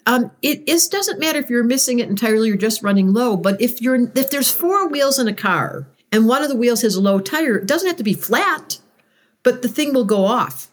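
A woman guest in a conversational interview, expressive, acting out moods as she explains ideas. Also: normal speed. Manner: expressive, acts out moods with big pitch swings. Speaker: astrologer guest.

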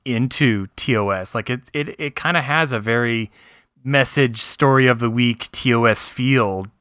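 A man co-hosting a casual podcast, tossing in quick jokes and asides. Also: mid-range voice, a bit bright, clean tone, no room sound, studio quality. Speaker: podcast co-host. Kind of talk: casual chat.

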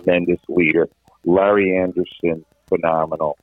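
A middle-aged man, a veteran sports radio host, telling stories in animated casual chat with many restarts. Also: sits low, normal speed, crowd noise. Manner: animated anecdotal, frequent restarts. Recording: tinny phone-like line.

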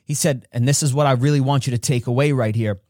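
A man's voice: fairly even intonation, fast talker, a little mellow, no echo, studio quality. A man hosting a podcast, telling a personal story with emphasis and acting out the voices of those in it. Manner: emphatic, acts out childhood dialogue with rising pitch. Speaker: podcast host.

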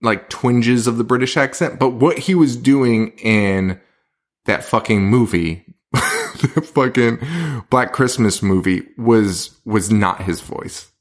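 Male podcast co-host, mid-pitched, casual and profane, quick bursts of talk with frequent laughs. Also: expressive. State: hungover. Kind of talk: casual chat.

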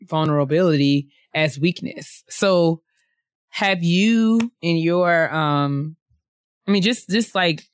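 A woman co-hosting a casual book discussion podcast, talking haltingly with many restarts and frequent laughter. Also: on the low side, clear, resonant tone, no echo, studio quality. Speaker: book club co-host.

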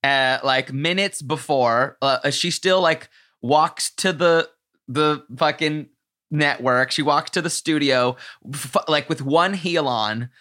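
A man's voice: fairly high pitch, slow, pushed and bright. A man hosting a podcast in casual, campy, profane comedic chat. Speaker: podcast host.

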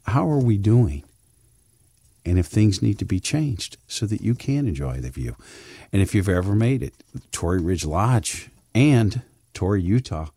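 Deep-voiced, lively folksy storyteller man. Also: husky, no room sound. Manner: folksy storyteller, repeats words as he restarts. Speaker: financial advisor guest. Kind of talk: casual chat with storytelling.

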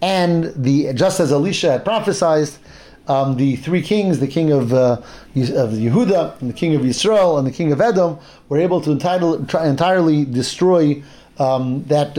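Speaking at a moderate pace in a slightly high, mellow voice, this man teaches an informal Torah lesson. His Bible retelling is chatty, full of fillers and restarts, and he performs the characters' quoted speech.

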